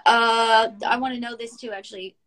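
A woman in her thirties hosting a poetry show in casual chat, excitable, slangy and swearing freely. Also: fairly high pitch, moderate pace. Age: 30s.

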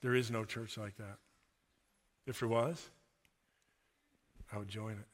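A man's voice: lowish voice, steady tone, a little slow, voice pushed down. A man doing a blunt diner cook. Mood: matter-of-fact. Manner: blunt, matter-of-fact. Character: gruff plain-spoken diner cook, man.

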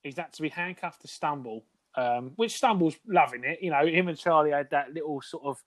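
A podcast co-host with a fairly high voice speaks briskly, cheekily teasing a friend in casual banter and laughing along. There's no echo.

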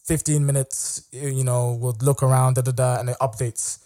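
A young man, a guest on a podcast, telling a long story in a casual, animated way. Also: medium pitch, normal speed. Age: young adult. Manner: animated, conversational, acts out the other people's lines. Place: podcast studio.

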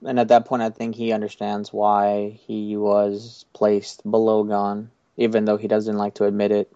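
Low-voiced rambling podcast host man. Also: completely flat delivery, moderate pace, warm tone, clear, resonant tone, no room sound, muffled recording. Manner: rambling, loose, swears casually, many fillers. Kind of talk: casual chat recapping an anime episode.

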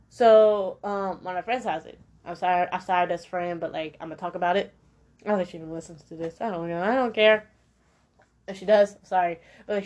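A woman, talking to herself in a casual opinion monologue, blunt and rambling with many restarts and slangy asides. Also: mid-range voice. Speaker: podcast-style talker sharing opinions.

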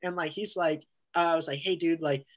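Casual swearing comedian telling stories. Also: male voice, fairly high pitch, fairly even intonation, brisk, low-quality recording. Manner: loose, swearing storytelling with many fillers. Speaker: stand-up comedian. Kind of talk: casual chat.

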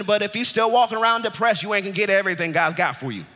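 Male pastor, high bright voice, exuberant, shouts and laughs, preaching in an echoing sanctuary. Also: very fast. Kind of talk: sermon. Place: church sanctuary.

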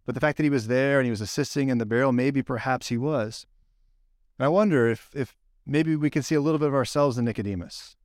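A man preaching a casual, conversational sermon, telling the story with lively acted-out quotes. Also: mid-range voice, fast, dry recording, clean studio sound. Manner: animated storyteller, acts out quoted lines. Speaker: pastor.

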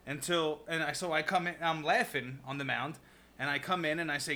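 Laughing guest. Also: male voice, on the high side, fairly even intonation, brisk, sharp tone. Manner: laughing, self-mocking storyteller. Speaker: podcast guest. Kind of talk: casual storytelling chat.

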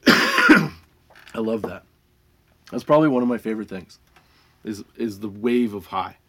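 A man casually telling stories about his old dispensary job, laid-back, swearing freely and laughing often, and high while he talks. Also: moderate pace, a little mellow, breathy edge. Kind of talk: casual storytelling monologue.

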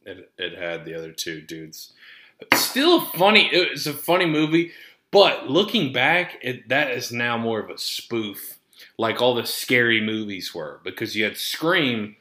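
Male podcast host, rambling and foul-mouthed, bright forceful tone, roomy echoey sound. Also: lowish voice, sing-song, a little slow. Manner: profane, rambling, easily sidetracked. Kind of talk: casual rambling monologue. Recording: roomy echo.

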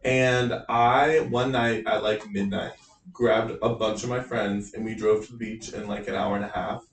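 A man's voice: on the low side, fairly even intonation, moderate pace, far from the mic. Teasing young man, echoey and off mic. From North Carolina. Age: young adult. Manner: teasing, joking. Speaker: podcast co-host. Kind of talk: casual chat.

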